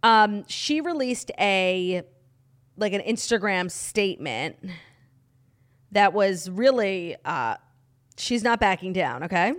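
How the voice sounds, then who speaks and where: A young woman co-hosting a podcast, telling a reality-show story in a gossipy, animated way, full of "like". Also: mid-range voice, slow pace, long pauses. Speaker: podcast co-host. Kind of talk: casual chat.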